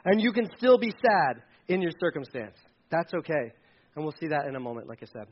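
A man preaching a sermon as pastor, animated, joking with the congregation and repeating key words for emphasis. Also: fairly high pitch, brisk, highs cut off.

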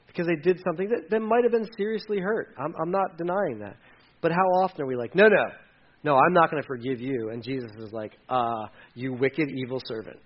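A man's voice: high-pitched, highs cut off. A man preaching a sermon in a conversational, jokey way, acting out little voices as he retells the scripture. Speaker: pastor.

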